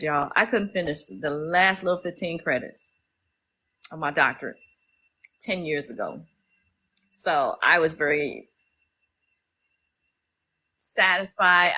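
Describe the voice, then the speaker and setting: A woman's voice: low-pitched, pushed and bright, slightly rough, rough recording. A middle-aged woman, hosting a casual livestream and talking emotionally to her viewers. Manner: emotional, talks straight to viewers as y'all. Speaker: livestream host.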